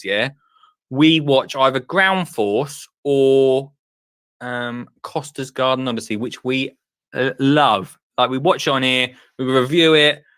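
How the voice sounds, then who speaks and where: A young man hosts a live show in an excitable, breathless rush, restarting his sentences. His voice sounds dry and close, with no room around it. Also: mid-range voice, no room sound. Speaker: host. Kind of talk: excited live-stream chat.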